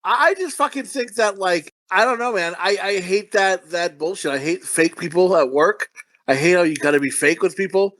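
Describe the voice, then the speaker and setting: A man's voice: high-pitched, normal speed, fairly bright tone, no room sound. A man co-hosting a comedy podcast, chatting crudely about a movie in a rambling, vulgar, self-amused way. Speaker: podcast co-host.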